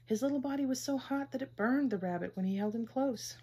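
Woman reading a kids story, gentle, calm, breathy. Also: fairly high pitch, brisk. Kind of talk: children's story read-aloud.

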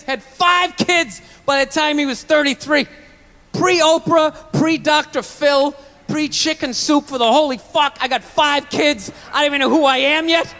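A man's voice: very high voice, bright, forceful tone. A male stand-up comedian in a profane, ranting routine, acting out mocking voices for the people in his stories. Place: stage clip played inside a reaction video.

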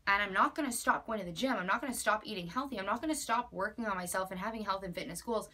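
A woman's voice: mid-range voice, quick pace, pushed and bright. Woman, 20s, vlogger; heartfelt and emphatic, everyday mid-range voice, close to tears at moments. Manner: earnest, emphatic, with many likes and repeated phrases. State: near tears at times. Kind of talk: personal heartfelt vlog.

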